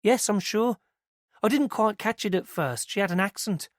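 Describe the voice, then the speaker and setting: Voicing a young British woman who works at a nursery, a man pitches above his own voice into a mid-range woman's voice at normal speed, lightly acted. She's a young adult, eager and nervous, rambling chattily and hesitantly through what she saw in an eager recounting. There's no echo and the sound is clean studio quality.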